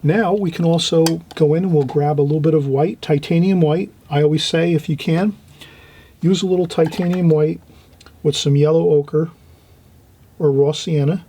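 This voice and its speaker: A man teaching a watercolour painting demonstration, talking gently as he paints and trailing off into quiet asides. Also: a little high, fairly even intonation, normal speed, a little hiss or hum.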